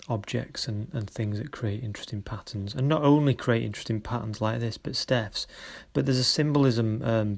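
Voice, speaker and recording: A man leading a photography workshop, giving encouraging feedback on students' photos in a halting way with many pauses. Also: lowish voice, vocal fry.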